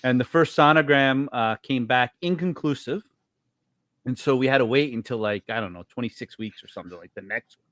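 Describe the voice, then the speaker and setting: A man's voice: a little fast, dry recording, studio quality. A middle-aged man co-hosting a podcast, telling stories in casual chat and acting out quotes with big jumps in his voice. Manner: animated storyteller, acts out quotes with big pitch jumps. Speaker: podcast co-host.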